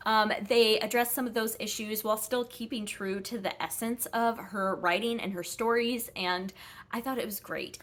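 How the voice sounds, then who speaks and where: A woman's voice: fairly high pitch, steady tone, normal speed, fairly bright tone. A woman chatting casually through her monthly book reviews, rambling with frequent ums and self-corrections. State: a little out of breath.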